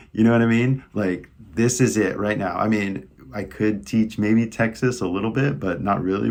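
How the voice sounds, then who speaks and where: With a fairly low, slightly mellow voice, a young man with a Californian American accent gives an easygoing English lesson. The teacher chats loosely, leaning constantly on "like" and "right?" as fillers.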